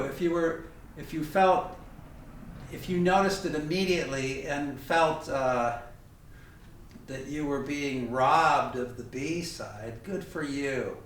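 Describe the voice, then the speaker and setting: A man's voice: a little high, slow, a bit bright. Echoey distant man teaching tai chi. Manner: chatty, self-correcting, demonstrating moves. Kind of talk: teaching a class over video. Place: training room with heavy bag. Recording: very echoey room, distant mic, faint hiss.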